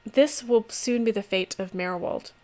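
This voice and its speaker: A woman's voice: mid-range voice, unhurried, darkish tone, lightly acted. A woman voicing a stooped, aged half-orc seer woman who speaks in a wheezy, tired voice. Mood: ominous.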